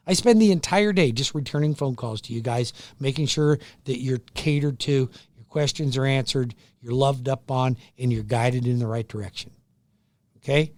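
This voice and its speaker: A middle-aged man hosting a radio show, loud and pushy, joking at his own expense and going a bit hoarse from yelling. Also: mid-range voice, normal speed, no echo. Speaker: radio show host, mortgage lender. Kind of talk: energetic radio sales pitch. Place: radio studio.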